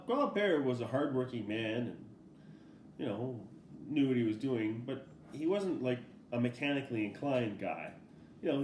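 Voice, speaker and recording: A middle-aged man, a father, casually telling a family story in a relaxed, rambling way, laughing often as he goes. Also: mid-range voice, slight background noise. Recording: roomy echo.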